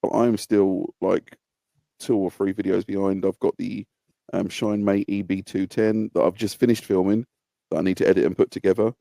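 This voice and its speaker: A man guesting on a detailing podcast, talking in a casual, animated and self-mocking way. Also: deep voice, moderate pace, vocal fry, no room sound.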